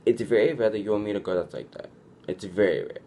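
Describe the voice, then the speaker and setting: Giving loose, chatty advice to his viewers, this young vlogger talks a little fast in a warm, fairly low voice. Recurring features: constant "like," frequent sentence restarts, and acted-out quoted lines. A faint hiss or hum runs through the clip.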